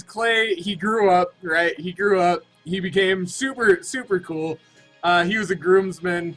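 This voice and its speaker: A man in his thirties telling a story to his Twitch chat, rambling and excitable with lots of restarts. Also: high voice, low-quality recording. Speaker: Twitch streamer. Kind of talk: casual storytelling to stream chat.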